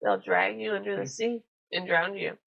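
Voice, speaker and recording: A woman's voice: medium pitch, steady tone, moderate pace, creaky, muffled recording, crowd noise. A woman narrating a tabletop role-playing game as game master, giggling often between scenes.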